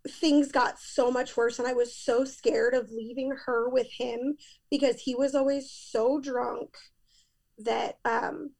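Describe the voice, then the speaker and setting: A woman's voice: on the high side, steady tone, slow, gravelly, a little mellow. A woman in her thirties, a podcast guest, telling a painful personal story in a candid, emphatic way.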